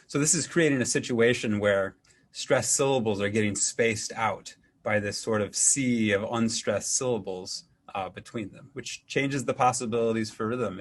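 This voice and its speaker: A man, an English professor, giving an academic lecture in a measured way, with frequent ums and restarts. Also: lowish voice.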